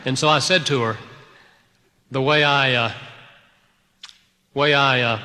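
A man preaching a sermon to a congregation, telling a personal story in an animated way, swinging between loud outbursts and hushed, quiet passages. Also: mid-range voice, long reverb tail. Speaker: pastor.

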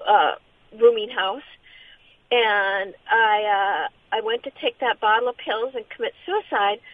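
A middle-aged woman shares her life story in an interview, halting and earnest, often restarting her sentences. Her voice sits fairly high. The sound is thin and tinny, like a phone line, and very dry. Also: no echo. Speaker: interview guest. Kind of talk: personal testimony in an interview.

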